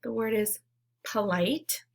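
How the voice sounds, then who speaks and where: A woman teaching a phonics lesson to young children, giving slow, clearly spoken word prompts and pausing for them to repeat. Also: fairly high pitch. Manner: encouraging.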